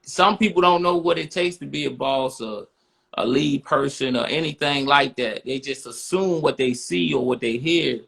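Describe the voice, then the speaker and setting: Gravelly, bright-voiced blunt man. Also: medium pitch, normal speed. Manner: blunt, streetwise, repeats "you know what I'm saying". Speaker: podcast co-host. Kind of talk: casual podcast talk.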